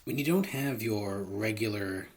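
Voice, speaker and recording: A podcast host with a lowish voice talks at a measured pace on a very noisy recording. Alone on his comedy podcast, he rambles profanely into a close studio microphone and laughs at his own jokes.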